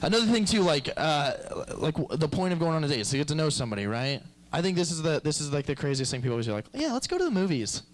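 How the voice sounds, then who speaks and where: A man's voice: a little high, animated, very fast, hardly any pauses, low-quality recording. A young man doing a stand-up comedy set, rambling and crude with self-deprecating asides.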